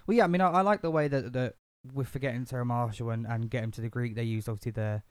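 A man's voice: medium pitch, quick pace, smooth, no echo. A man co-hosting a casual podcast chat, rambling and laughing often as he talks through a film. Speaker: podcast co-host.

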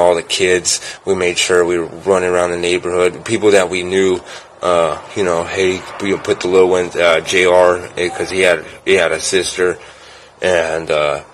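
A young man with a low voice spins a long, loose story, full of ums and swearing. He jumps up loud when he acts out what people said, then drops back to a relaxed mumble. A faint hum of room noise sits under him. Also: low-quality recording. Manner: profane, rambling, with filler words and loud acted-out quotes. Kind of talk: casual storytelling.

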